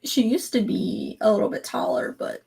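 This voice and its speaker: A woman's voice: mid-range voice, normal speed, creaky, dark tone, breathy edge. Chatty, laughing woman co-host. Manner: chatty, laughs easily, tells stories. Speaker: podcast co-host. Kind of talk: casual chat.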